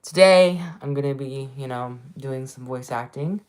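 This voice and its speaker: A woman's voice: a bass voice, measured pace, darkish tone, clean tone. A woman streaming casually, rambling with many fillers and talking to her viewers. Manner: repeats herself, trails off mid-sentence. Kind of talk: casual live-stream chat.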